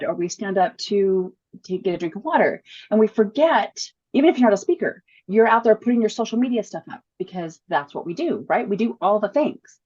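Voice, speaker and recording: A woman guest who coaches speakers, talking in an enthusiastic, quick way as a conversation guest. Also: mid-range voice, mellow, breathy edge, highs cut off. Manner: enthusiastic, fast, laughs easily. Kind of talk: casual conversational interview.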